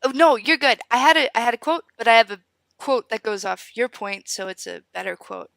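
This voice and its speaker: A woman co-hosts a podcast in casual chat, animated and jokey as she tells a story. Her voice is bright with a gravelly fry. The sound is dry and close. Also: a little high, fairly quick, no echo, low-quality recording. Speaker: podcast co-host.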